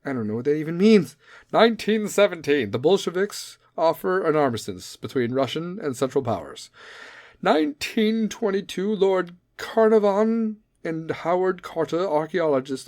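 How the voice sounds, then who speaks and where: A man hosts a casual podcast, reading out history facts and cutting in with profane, sarcastic jokes. His voice sits a bit high for a man. The sound is close and dry, with no room around it. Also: a little mellow, no echo. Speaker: podcast host. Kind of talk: casual comedic commentary.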